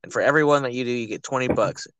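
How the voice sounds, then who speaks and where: A man's voice: medium pitch, rapid-fire, a bit bright, a little hiss or hum, poor audio. A young man co-hosting a podcast, chatting casually with lots of swearing, laughter and "dude". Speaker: podcast co-host.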